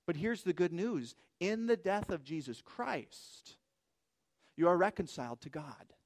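High-voiced man preaching emphatically. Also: lively intonation, unhurried. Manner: emphatic preaching, rhetorical questions. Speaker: pastor. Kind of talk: sermon.

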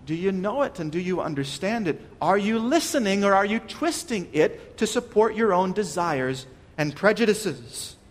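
A man's voice: high-pitched, animated, normal speed, hardly any pauses, long reverb tail. A man preaching a sermon, earnest and questioning, often restarting his words. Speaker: pastor.

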